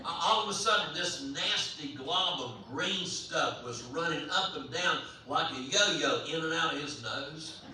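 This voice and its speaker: A man telling a comic story aloud at a live event, in an animated, folksy way, heard from far off in a large hall. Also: a little high, unhurried. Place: large hall at a residential campus. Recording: echoey hall, voice from far off, faint hum.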